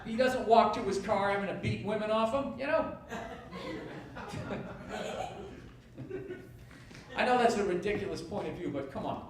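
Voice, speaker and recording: A man's voice: sits high, expressive, takes it slowly, long pauses, a crowd in the background. A male stand-up comedian doing a sarcastic, profane rant on stage. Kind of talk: stand-up routine. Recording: echoey distant recording with loud noise. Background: audience laughter.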